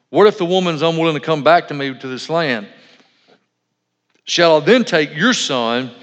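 A man's voice: medium pitch, a bit bright. A man preaching a sermon as pastor, conversational and full of asides and self-corrections. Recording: dull lo-fi sound in a reverberant hall.

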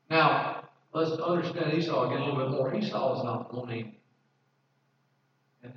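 Speaking in a mid-range voice, a pastor reads scripture aloud and talks through its meaning conversationally, frequently repeating words. There's slight background noise, and the far-off mic leaves the sound dull with a roomy echo.

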